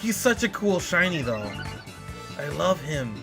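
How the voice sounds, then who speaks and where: A man streaming a game live, excitable and exasperated, talking to his chat and to the game. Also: a little high, unhurried, music in the background.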